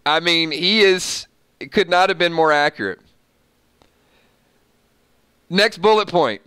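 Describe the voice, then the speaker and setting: Bright, laughing male recap host. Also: on the high side, smooth, no room sound. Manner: laughing often, sarcastic asides. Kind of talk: casual TV recap reading from an article.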